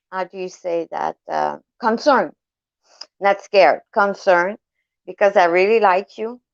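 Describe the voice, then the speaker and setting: A woman's voice: mid-range voice, vocal fry, clean tone, no echo, lo-fi sound. A woman, calling in to a casual chat, hesitant and often searching for words. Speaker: caller.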